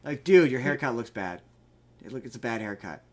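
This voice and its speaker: A man's voice: mid-range voice, lively intonation, fairly quick, darkish tone. A man co-hosting a podcast in casual chat, giving a rambling, profane recap of a movie plot. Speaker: podcast co-host.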